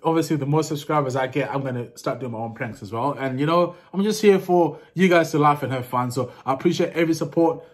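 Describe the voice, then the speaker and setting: A man's voice: a little high, fast talker, hardly any pauses. A young man vlogging casually to camera, chatty and laughing, with street slang. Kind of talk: casual vlog talk to camera.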